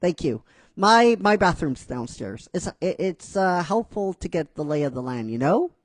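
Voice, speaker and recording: A man's voice: on the high side, big pitch swings, moderate pace, no echo, studio quality. A man casually retelling a fan story, rambling with restarts and frequent "right?" asides.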